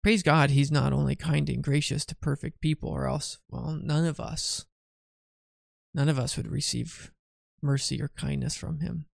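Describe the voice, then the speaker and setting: A man's voice: fairly high pitch, fairly even intonation, moderate pace, creaky, no room sound, clean studio sound. A tired, yawning man teaching a Bible study in a chatty way, often asking "right?" and restarting his phrases.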